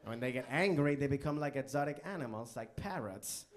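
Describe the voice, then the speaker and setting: A man doing a live stand-up comedy set on a club stage, animated and bursting into loud character voices. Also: medium pitch, fairly quick.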